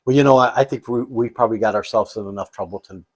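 A man co-hosting a casual chat, telling family stories in an animated way and laughing often. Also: on the low side, quick pace. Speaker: co-host.

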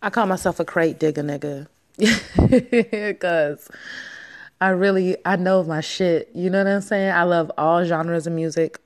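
A woman in her late twenties hosting a casual solo podcast from her home basement, talking candidly and playfully with lots of swearing and hushed asides. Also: lowish voice, a little slow. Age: 20s. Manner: candid, profane, playful, swings between loud and hushed asides. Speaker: podcast host.

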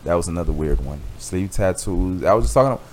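A man's voice: sits low, expressive, brisk, darkish tone, a little hiss or hum. A young man from Miami chatting casually, laid-back, using street slang and swearing freely. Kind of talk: casual chat.

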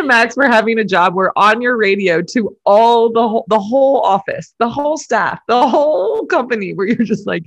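Gravelly woman co-host, laughs a lot, swears, dry sound. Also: fairly high pitch, moderate pace, hardly any pauses, dry recording. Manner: animated, laughs often, swears, yells quoted lines. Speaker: podcast co-host. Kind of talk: casual chat.

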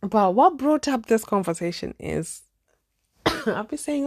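A young woman from Zimbabwe with a Zimbabwean accent, hosting a podcast and telling a dating story in a chatty, animated, exclamatory way. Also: fairly high pitch, slow pace, long pauses, dry recording, studio quality. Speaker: podcast host. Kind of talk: casual storytelling monologue.

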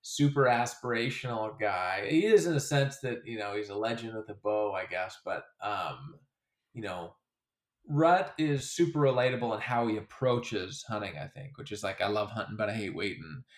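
A man's voice: on the low side, animated, moderate pace. A man as an interview guest, talking in a casual, rambling way with frequent restarts. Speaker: interview guest, creator of a comedy hunting character.

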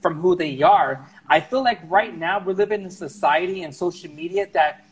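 Man, podcast guest, earnest, frank, husky, slightly high voice. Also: normal speed, low-quality recording. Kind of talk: casual conversation.

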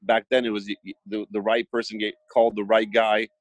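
Low-voiced man telling lively stories. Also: fast, dry recording. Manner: animated storyteller, acts out dialogue. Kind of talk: casual chat.

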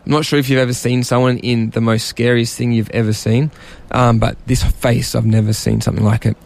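Self-mocking rambling storyteller, gravelly man. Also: medium pitch, little pitch movement, fairly quick, a little mellow. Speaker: podcast co-host telling a story. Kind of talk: casual storytelling chat.

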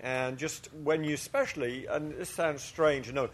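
High-voiced man preaching earnestly. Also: moderate pace. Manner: earnest, confessional, with frequent restarts and fillers; leads the congregation in call-and-response. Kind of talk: sermon. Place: church before a congregation.

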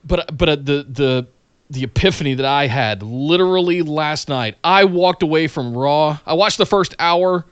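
A man in his forties co-hosting a casual podcast, earnest and halting, often restarting mid-thought. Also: on the high side, clean tone, no room sound, muffled recording. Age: 40s. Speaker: podcast co-host. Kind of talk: casual wrestling podcast chat.

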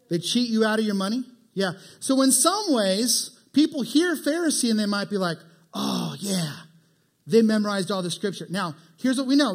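A male preacher giving a casual, animated sermon and asking his listeners questions. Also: high-pitched. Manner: animated, asks the crowd questions. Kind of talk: conversational sermon.

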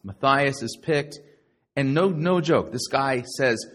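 A middle-aged man preaching a sermon to a live congregation, sarcastic and animated, now and then mocking other people's voices. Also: medium pitch, slow. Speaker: pastor.

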